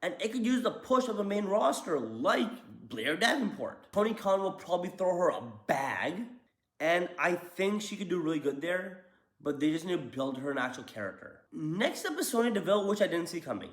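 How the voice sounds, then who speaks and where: Animated young man in an echoey room. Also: sits high. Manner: animated, jokey, slangy. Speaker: wrestling commentary host. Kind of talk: casual opinion commentary. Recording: roomy echo.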